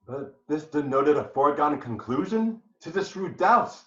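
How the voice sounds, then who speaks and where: A man reading the part of a jealous, vengeful male general in an amateur Shakespeare reading, swinging between hushed brooding and raging outbursts. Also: fairly high pitch, sing-song, normal speed, reverberant, highs cut off, a little hiss or hum. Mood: jealous rage.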